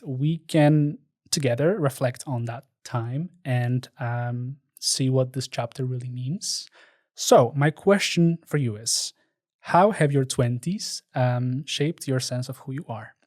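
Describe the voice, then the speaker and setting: A man, hosting a podcast, asking calm, measured questions and affirming often. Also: mid-range voice, no room sound, studio quality. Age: 20s. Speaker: podcast host. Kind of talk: casual interview.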